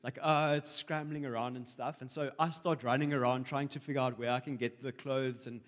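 A young man in the congregation shares a dream as a personal testimony in a church hall, telling it hesitantly and ramblingly with lots of fillers. His mid-range voice is steady and fairly quick, trailed by a long reverb.

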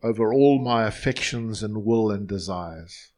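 Slow, low-voiced earnest male pastor. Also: darkish tone. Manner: slow, earnest, leads prayers line by line. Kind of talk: sermon with congregational prayer. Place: church.

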